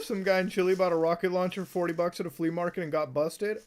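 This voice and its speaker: A woman's voice: fairly low pitch, fairly even intonation, quick pace, hardly any pauses, a little mellow. A woman streamer giving profane reaction commentary on a live stream, exclaiming and shrieking in disbelief.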